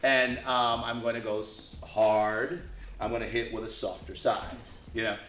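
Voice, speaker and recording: A co-host of a martial arts lesson explains things in an easygoing manner, sprinkling in "you know" and "right" often. His mid-range voice is steady, measured in pace, and a bit bright. This casual demonstration lesson was recorded in an echoey room.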